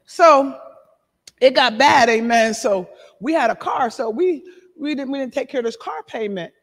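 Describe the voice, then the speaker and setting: A middle-aged woman pastor preaching a sermon and giving her testimony, animated, shouting and laughing between lines. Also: sits high, normal speed. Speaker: apostle and pastor. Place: church sanctuary. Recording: reverberant hall.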